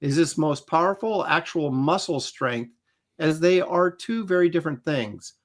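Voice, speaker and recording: A man's voice: on the high side, moderate pace. A man in his sixties hosting a livestream, reading out chat names with wry asides. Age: 60s. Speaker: host.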